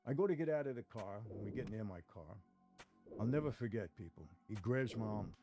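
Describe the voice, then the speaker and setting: A man telling a dramatic first-person story, talking straight to his listeners and moving between hushed and heated tones. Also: on the low side, expressive, a little fast. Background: music.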